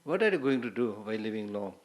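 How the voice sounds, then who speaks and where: Male Buddhist teacher, relaxed lecture style, storytelling, occasional Hindi asides. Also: lowish voice, quick pace. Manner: conversational, repeats words, Hindi asides.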